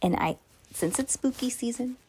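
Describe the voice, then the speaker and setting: A woman's voice: on the high side, lively intonation, moderate pace, darkish tone, breathy edge. Woman podcaster, casual read-aloud of a kids' book, chatty. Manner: chatty, with offhand asides. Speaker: podcast host reading a children's book. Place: bedroom on a windy day.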